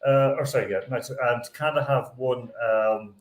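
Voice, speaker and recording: A man's voice: medium pitch, normal speed. Jokey male radio host, roomy studio. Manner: jokey, laughs often, many fillers. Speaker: radio sports show host. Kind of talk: casual sports quiz chat.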